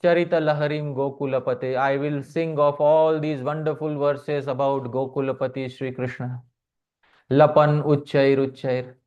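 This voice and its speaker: A man leads a devotional class on verse, chanting lines slowly and then explaining them. He keeps turning to his listeners as dear devotees and quizzing them. The recording is a bit muffled. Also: medium pitch, flat delivery, clear, resonant tone. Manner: keeps addressing the audience as dear devotees, asks them questions. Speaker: speaker giving a scripture class. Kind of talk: devotional lecture on poetry.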